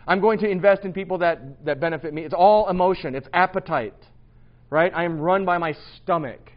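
A man's voice: high voice, fairly quick, highs cut off. Casual self-mocking man preaching. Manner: casual, self-deprecating, conversational. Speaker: pastor. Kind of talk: sermon. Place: church hall.

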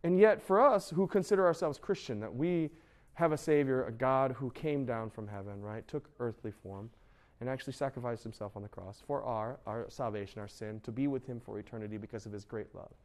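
A man's voice: medium pitch, fairly quick. A man in his thirties, a youth pastor, preaching a casual sermon to teenagers and acting out their quoted voices. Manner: conversational, animated, acts out quoted voices.

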